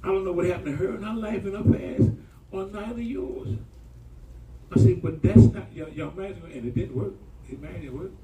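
A male pastor preaching a sermon, telling stories in a colloquial, animated way and calling out to the congregation. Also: high-pitched, brisk, a crowd in the background. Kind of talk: sermon storytelling. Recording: echoey room from far off.

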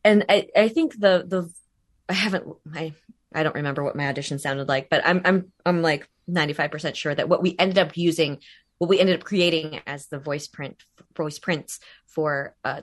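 A woman with a low-pitched voice talks about her work as an interview guest. She rambles, restarts her sentences and scatters fillers as she talks. She laughs easily along the way. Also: moderate pace. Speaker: voice actor guest. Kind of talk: casual interview chat.

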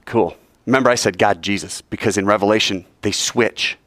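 A man teaching a Bible class, animated and quizzing the class with questions. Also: on the low side, brisk, no room sound.

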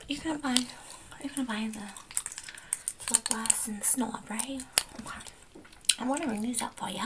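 Woman doing a makeup counter girl, put-on New Jersey accent, whispered role-play, gum chewing, rambling, gushing, fairly high voice. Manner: rambling, gushing, chews gum while talking.

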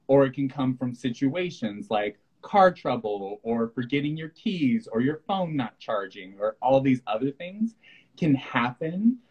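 A man's voice: medium pitch, measured pace, slightly rough, highs cut off. A man co-hosting a podcast, chatting casually about spirituality and acting out his own reactions as he tells stories. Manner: animated storyteller who acts out his own reactions. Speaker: podcast co-host.

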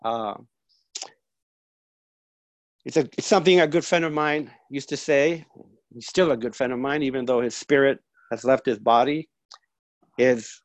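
A man sharing his personal story at a recovery meeting, halting and full of restarts. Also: medium pitch, dry recording.

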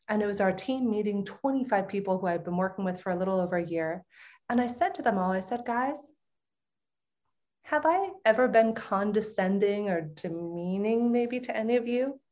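A middle-aged woman, a podcast guest, telling a personal story in a lively, expressive way and laughing often. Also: mid-range voice.

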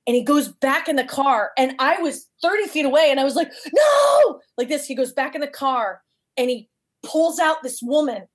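A woman's voice: high-pitched, brisk. A woman guest telling a personal story casually, acting out the voices she quotes. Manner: animated, acts out quoted voices.

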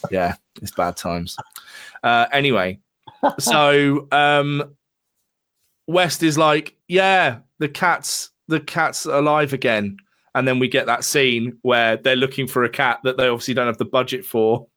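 A man's voice: mid-range voice, unhurried, fairly bright tone. Sweary jokey guy reviewing a film. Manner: sweary, jokey, acts out bits in silly voices. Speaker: podcast co-host. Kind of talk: casual film review chat.

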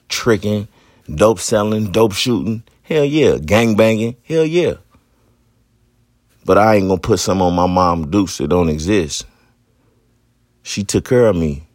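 Man, 30s, podcast host. Very low, gravelly voice, dry close mic. Blunt, profane, candid monologue. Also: no room sound. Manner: blunt, profane street talk.

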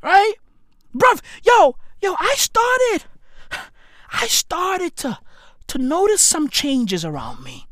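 Loud rambling woman in her thirties. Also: extremely high pitch, big pitch swings, takes it slowly, dry recording, clean studio sound. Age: 30s. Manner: loud, rambling, repeats herself, swears, slangy. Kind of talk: rambling comic monologue.

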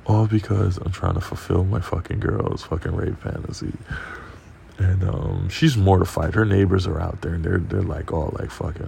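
A man hosting a podcast, telling a profane, animated story in casual monologue. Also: deep voice, moderate pace, creaky, slight background noise. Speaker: podcast host.

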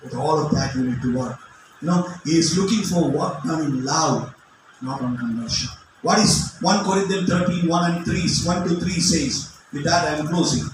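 Middle-aged guy preaching hard, kinda high voice, boomy hall, mic way off. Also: moderate pace. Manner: impassioned, shouting at times, with non-native phrasing. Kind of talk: sermon. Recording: echoey hall from far off, faint noise.

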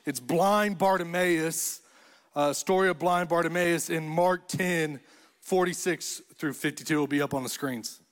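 A man's voice: on the high side, unhurried. A man preaching a sermon as pastor, telling stories and building to emphatic repeated phrases. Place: church auditorium. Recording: long echo of a church hall.

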